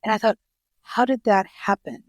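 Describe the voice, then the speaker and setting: Middle-aged woman, podcast guest, animated storyteller, dry close recording. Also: medium pitch, normal speed, no room sound. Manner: animated storyteller, acts out quoted voices. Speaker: guest author.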